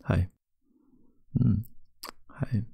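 A man in a whispered role-play, playing a teasing boyfriend. His voice is very low and gravelly, with a husky edge, and he talks slowly into a close, dry mic. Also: no echo. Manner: playful teasing, soft and intimate.

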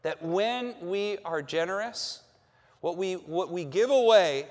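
A high-pitched man delivers an emphatic sermon, repeating phrases and pressing harder with each one. His voice rings out with a long hall reverb in a large church sanctuary. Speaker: pastor.

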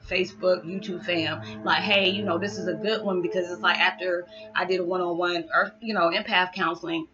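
A woman's voice: fairly low pitch, fairly even intonation, brisk, over music. A woman talking casually to her viewers in a rambling vlog monologue, full of "you know" and "it's just like.". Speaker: spiritual vlogger. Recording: dull lo-fi sound.

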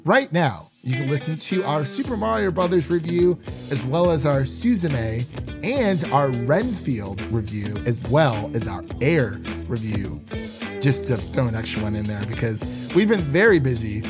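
A man's voice: medium pitch, lively intonation, measured pace, music in the background. A man co-hosting a podcast, chatting casually and laughing often as he rambles through a review. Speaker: podcast co-host.

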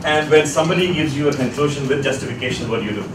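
A man's voice: medium pitch, racing, background noise. A man teaching a class, asking students questions and leading them through a word exercise. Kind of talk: classroom lecture. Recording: echoey classroom from far off.

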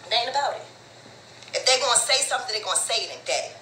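A woman talking as a guest in a casual conversation, animated and chatty. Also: fairly high pitch, racing, a little hiss or hum. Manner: animated, chatty, often laughing. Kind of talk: casual talk show conversation. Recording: echoey room.

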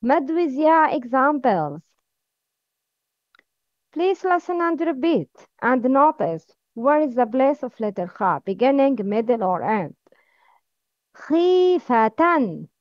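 A woman teaching Arabic letters, drilling words slowly and asking the listener to repeat after her. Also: high-pitched, animated, dry recording. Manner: slow, careful drilling with repeat-after-me prompts. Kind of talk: slow recorded lesson. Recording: dull, lo-fi sound.

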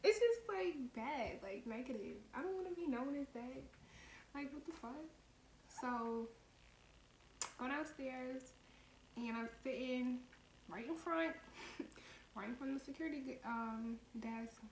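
A young woman vlogger recounts a story in a blunt, animated, profanity-laced way. Her voice sits on the high side and rings in an echoey room. A faint hiss runs under it. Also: unhurried, pauses often. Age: young adult. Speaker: vlogger and lash tech. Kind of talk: storytime monologue.

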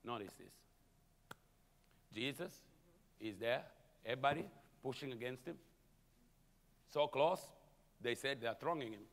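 A man preaching a sermon as pastor, animated, calling out to the congregation and chuckling between points. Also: mid-range voice, unhurried, pauses often, long reverb tail. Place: church sanctuary.

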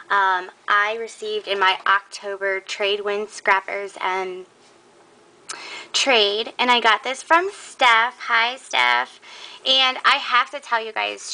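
A young woman in a casual show-and-tell vlog, gushing excitedly over a handmade scrapbook with lots of "um"s. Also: mid-range voice, rough recording. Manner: gushing, excitable, many fillers. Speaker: scrapbooking vlogger.

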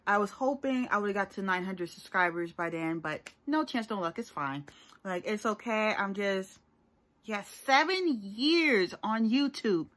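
A woman's voice: mid-range voice, expressive, measured pace, a bit bright. A young woman talking casually to her viewers in a rambling, chatty vlog. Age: young adult. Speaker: YouTuber.

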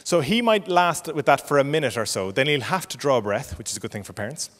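A middle-aged Irish psychologist giving a parenting talk, explaining patiently and checking in with frequent "okay?". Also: male voice, mid-range voice, expressive, fast talker, a bit bright, big-room sound. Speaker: clinical psychologist.

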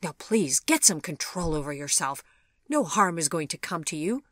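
A woman's voice: deep voice, sing-song, moderate pace, a bit bright, no room sound, studio quality, full character voice. A woman as a proud, firm mother. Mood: soothing. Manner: firm and reassuring. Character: proud, composed middle-aged mother.

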